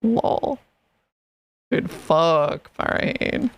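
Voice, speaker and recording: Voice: medium pitch, lively intonation, extremely slow, gravelly, dry recording. A streamer in casual chat, swearing often and laughing between sentences while rewatching an old stream.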